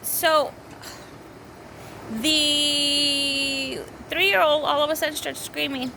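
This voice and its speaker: High bright rambling mom storyteller. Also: female voice, fairly even intonation, slow, vocal fry, pauses often, slight background noise, low-quality recording. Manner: rambling, self-correcting, breaks off to scold kids. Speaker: mother vlogging about her week. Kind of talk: casual storytelling vlog. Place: home with small children around.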